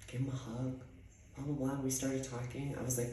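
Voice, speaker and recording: Animated man telling a theater story. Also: mid-range voice, fast, far from the mic, slight background noise. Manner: animated, dramatic, sassy asides. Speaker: theater teacher. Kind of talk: casual storytelling. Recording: echoey room, off-mic.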